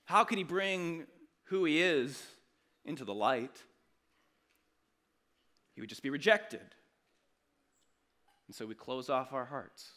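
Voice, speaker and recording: A man's voice: mid-range voice, slow pace, long pauses, sharp tone. A man preaching a sermon as a pastor, conversational and earnest, with frequent restarts.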